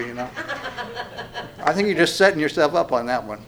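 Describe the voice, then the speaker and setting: A male pastor preaching in a relaxed, folksy way with frequent fillers and restarts. He slows down and raises his voice when reading scripture verses aloud. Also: a little high, crowd noise. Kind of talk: conversational sermon with scripture reading.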